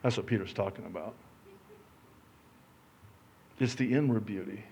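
A middle-aged man preaching a sermon, joking and poking fun at himself, swinging between loud emphatic lines and quiet asides. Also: on the low side, normal speed, husky. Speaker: pastor.

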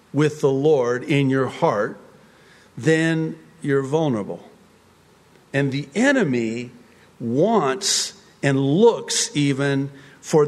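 A middle-aged man preaching a sermon in a church, swinging between emphatic raised peaks and quiet conversational asides. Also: medium pitch, long reverb tail. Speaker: pastor.

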